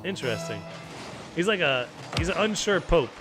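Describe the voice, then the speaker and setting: A man's voice: fairly high pitch, sing-song, normal speed, over music. An American man hosting a stream, chatting loosely as he watches a game, stammering, repeating himself and laughing often. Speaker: streamer host. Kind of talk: casual chat while watching a game.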